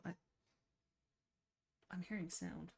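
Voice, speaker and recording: A woman hosting a livestream from a room at home, chatting casually about books in a rambling, excitable way with frequent laughs. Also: lowish voice, takes it slowly, vocal fry, slightly rough. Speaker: livestream host. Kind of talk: casual book chat. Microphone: desk mic.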